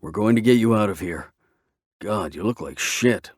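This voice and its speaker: A man voicing a commanding male biker club president in an audiobook, curt and gruff. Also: fairly low pitch, animated, moderate pace, no room sound, studio quality.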